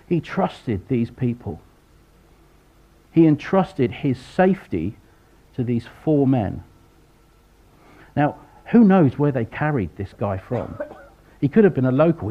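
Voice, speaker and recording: A man delivers a sermon at an unhurried pace, his voice rising and falling a lot as he acts out the people in the story. The recording sounds dull and lo-fi. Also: medium pitch. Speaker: preacher.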